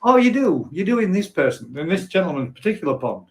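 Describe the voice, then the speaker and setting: A man's voice: high voice, big pitch swings, fast talker. A man hosting a casual live stream, chatting and reading out viewer comments in a rambling, self-correcting way. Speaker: host.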